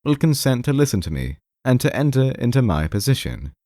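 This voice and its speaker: A man's voice: mid-range voice, sing-song, a little fast, warm tone, no echo, clean studio sound, voice pushed up, lightly acted. A man reading an audiobook, voicing a timid, anxious male clerk who pleads in a trembling voice and keeps repeating the name of the man he addresses. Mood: pleading timidly.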